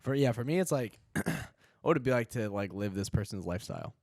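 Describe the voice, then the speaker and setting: Co-host: young American man, animated pitch, teasing crude banter, dry room. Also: fast, no room sound. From United States. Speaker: podcast co-host. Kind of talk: casual chat.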